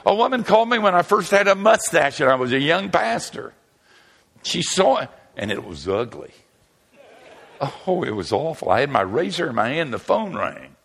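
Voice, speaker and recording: An older man, a pastor and seminary teacher, telling humorous stories in a lively, self-mocking way and chuckling often. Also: a little high, moderate pace, vocal fry, slightly rough. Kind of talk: humorous storytelling talk.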